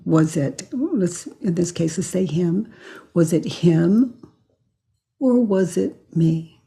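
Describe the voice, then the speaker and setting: Older woman facilitator, unhurried and gently probing, a bit low and husky. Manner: slow, calm and questioning, acts out quoted lines. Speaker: facilitator of self-inquiry sessions. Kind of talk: guiding a client through inquiry.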